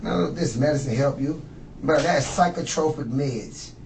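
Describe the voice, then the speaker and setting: Under questioning as a suspect, a man in his fifties speaks unhurriedly in a fairly high voice with a darkish tone, rambling, boasting and cursing. The interrogation room sounds echoey, the mic is distant, and there's faint noise.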